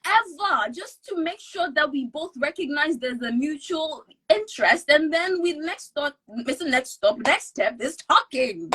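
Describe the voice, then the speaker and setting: A woman's voice: high-pitched, unhurried, few pauses, poor audio. A woman from Ghana co-hosting a podcast, chatting casually, laughing and teasing as she tells stories. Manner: laughing, teasing, animated storytelling. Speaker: podcast co-host. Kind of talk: casual chat.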